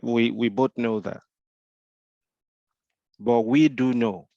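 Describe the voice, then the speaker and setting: A man's voice: medium pitch, fairly even intonation, slow, vocal fry, mellow, no echo, dull audio. A man with a Nigerian accent, mentoring in a Q&A discussion, explaining with rhetorical questions and frequent repeated restarts.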